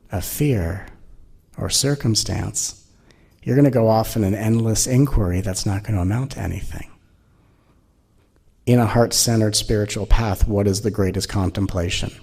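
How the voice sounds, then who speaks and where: A man's voice: lowish voice, a little mellow. A man giving a spiritual teaching talk in a playful, rhetorical way, with many questions to his listeners. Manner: playful and rhetorical, acting out mock inner voices.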